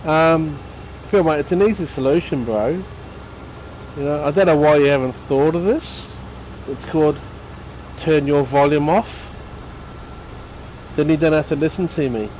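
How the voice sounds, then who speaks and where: A man's voice: fairly high pitch, a little slow, long pauses, a little mellow, a little hiss or hum, rough recording. A man giving casual, chatty commentary while playing a game and teasing viewers by name. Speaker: gaming streamer.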